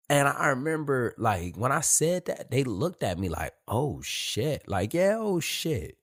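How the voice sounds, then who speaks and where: A man's voice: medium pitch, very animated, a little slow, few pauses. A man telling profane stories from his time in the military in casual street slang. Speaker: host. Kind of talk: casual storytelling monologue.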